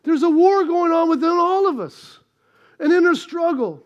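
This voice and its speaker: Brief: high-voiced male preacher, impassioned storytelling sermon. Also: lively intonation, normal speed, lo-fi sound. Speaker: pastor.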